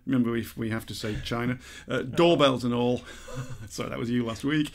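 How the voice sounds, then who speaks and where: A man's voice: mid-range voice, fairly quick, faint music behind. A man co-hosting a podcast, reading listener letters aloud with frequent laughs and restarts. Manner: chatty, laughs often, stumbles and restarts while reading. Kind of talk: casual chat.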